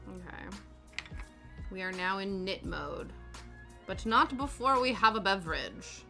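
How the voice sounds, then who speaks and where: A woman's voice: medium pitch, animated, a little slow, sharp tone. A woman chatting casually while she knits on a stream at home, rambling and laughing often. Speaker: knitting streamer. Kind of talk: casual chat while knitting. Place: home, on a sofa. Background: faint background music.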